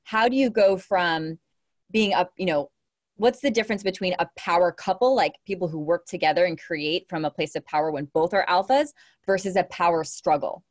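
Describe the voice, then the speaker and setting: A woman hosting a podcast, her voice pitched a little low. She talks enthusiastically, affirming her guest and winding her way through long questions. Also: normal speed. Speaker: podcast host. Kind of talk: interview conversation.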